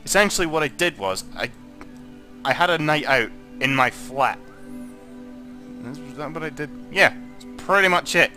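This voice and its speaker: A Scottish man, drunk, giving rambling, excitable let's play commentary as a gaming channel host and swearing a lot. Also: fairly high pitch, moderate pace, long pauses, soft background music.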